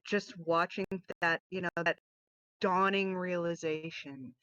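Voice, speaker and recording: A woman's voice: lowish voice, measured pace, no room sound. Blunt, swearing woman on a dull mic. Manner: blunt, swears freely, animated when acting out scenes. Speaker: host. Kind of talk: casual panel discussion. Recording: dull lo-fi dry sound.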